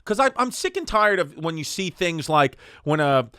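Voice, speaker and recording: A man co-hosting a podcast, teasing and cracking quick jokes in casual chat. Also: on the high side, very animated, pushed and bright, clean tone, no echo, studio quality. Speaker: podcast co-host.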